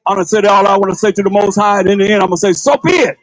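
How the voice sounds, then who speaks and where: A man's voice: sits high, completely flat delivery, rapid-fire, no echo, low-quality recording. A man preaching a livestreamed sermon in a casual, repetitive way, full of rhetorical questions and calling on a reader to read. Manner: colloquial, calls on a reader to read. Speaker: priest.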